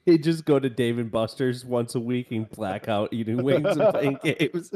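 A man's voice: medium pitch, moderate pace, warm tone. A man on a podcast cracking goofy jokes in casual chat. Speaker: podcast co-host.

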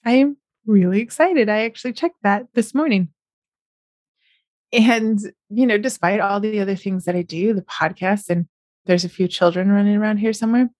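A woman's voice: medium pitch, moderate pace, a little mellow, dry recording, clean studio sound. A middle-aged woman, chatting on her podcast in a casual, upbeat way and often smiling as she talks. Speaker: podcast host and novelist. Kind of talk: casual solo podcast chat.

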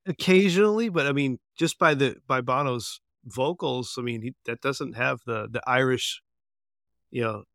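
A man hosts a music podcast in a relaxed, halting way, circling back over his words. His voice sits in a middle range. The recording is dry and close. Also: mid-range voice, vocal fry, dry recording. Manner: relaxed, hesitant, restarts his phrases. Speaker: podcast host. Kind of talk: casual podcast conversation.

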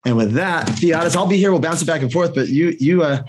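A man hosting a conversation, direct and energetic, jumping in with his own points. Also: on the high side, fairly quick, a little hiss or hum. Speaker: host. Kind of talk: conversational interview.

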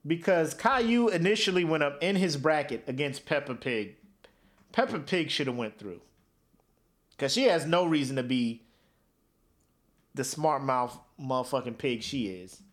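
A man co-hosts a podcast with a slightly high, unhurried voice, pausing often. He tells stories animatedly in a casual comedic chat and slips into silly voices.

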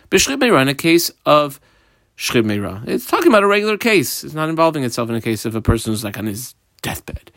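A man's voice: on the high side, fairly bright tone, dry recording. A man teaching a Talmud lesson, reading Aramaic phrases and explaining them in casual English.

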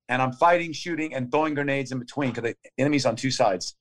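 A man in his fifties being interviewed, telling a story in urgent, clipped phrases that come out in a fast play-by-play. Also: medium pitch, fairly bright tone. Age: 50s. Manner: vivid, urgent play-by-play retelling of combat. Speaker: interview guest. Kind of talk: conversational storytelling.

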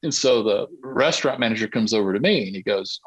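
A man tells a long anecdote as a podcast guest, his fairly low voice animated and often breaking into laughter. The recording is dry and close, with almost no room sound. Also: fast talker, breathy edge, no room sound, lo-fi sound. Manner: lively storyteller who laughs through his own tale. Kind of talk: anecdotal storytelling.

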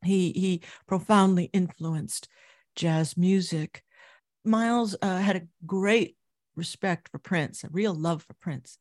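A middle-aged woman recounting memories as an interview guest, telling her story vividly and growing animated at its high points. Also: slow pace, dry recording, studio quality.

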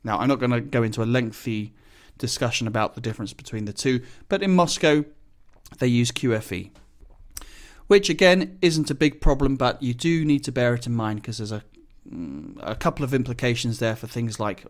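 A man talking casually about his work as a pilot, in a mid-pitched voice. He explains technical terms plainly and keeps an easygoing, conversational tone. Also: animated, normal speed. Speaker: business jet pilot.

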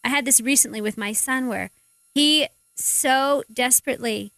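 A woman speaks on a faith-based radio talk show in a lightly raised voice. She is animated and acts out little quotes with big pitch leaps. The sound is close and dry, with no room around her. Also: normal speed, vocal fry, dry recording. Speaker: guest speaker; parent.

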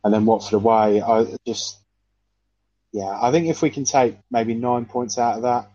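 A man in casual football chat, hesitant and measured, often repeating himself. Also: mid-range voice, fairly even intonation, mellow, no room sound. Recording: dull dry lo-fi sound.

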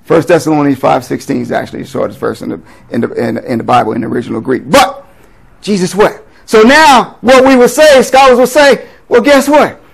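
Male pastor, middle-aged, light high voice; conversational Bible teaching. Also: fairly quick, vocal fry, husky, rough recording. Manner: conversational teaching with frequent rhetorical "right?" questions. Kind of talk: sermon, reading and explaining scripture.

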